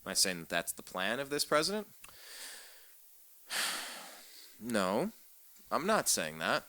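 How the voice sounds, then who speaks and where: Sarcastic ranting radio talk host. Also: male voice, fairly low pitch, wildly swooping pitch, slow pace, bright, forceful tone, no room sound. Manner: sarcastic, ranting, repeats words when fired up. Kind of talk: political talk radio monologue.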